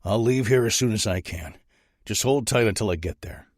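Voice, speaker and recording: A man's voice: lowish voice, normal speed, no echo, clean studio sound, voice pushed up, close to an everyday voice. A man voicing a tough male mafia don who talks in blunt, clipped lines. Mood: tense. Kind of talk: audiobook character voice.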